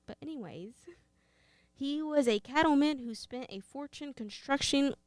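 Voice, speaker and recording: A woman's voice: high voice, normal speed, dry recording. A woman with a Texan accent co-hosting a podcast, reading history notes and bantering playfully. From Texas. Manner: playful, reads facts then banters. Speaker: podcast co-host. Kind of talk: casual chat.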